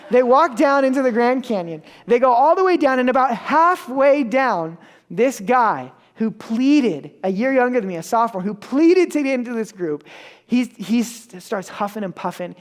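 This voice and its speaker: Delivering a sermon at normal speed, a young preacher uses a very high-pitched, expressive voice. His storytelling is relaxed and self-deprecating, with the characters in his stories acted out.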